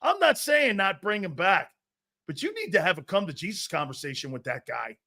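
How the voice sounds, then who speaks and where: A man's voice: high-pitched, sing-song, a little fast, creaky, pushed and bright. A man ranting in a heated, profane sports commentary, emphatic and fired up.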